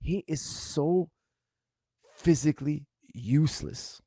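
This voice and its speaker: Animated man with a strained voice. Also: fairly high pitch, slow, slightly rough, no echo, studio quality. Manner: animated, incredulous and mocking, repeats himself. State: slightly strained voice. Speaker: martial arts coach answering viewer questions. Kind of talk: casual livestream Q&A.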